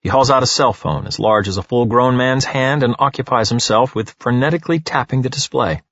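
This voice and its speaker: A man narrating an audiobook in an expressive, animated storytelling manner. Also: medium pitch, brisk, dry recording, lo-fi sound.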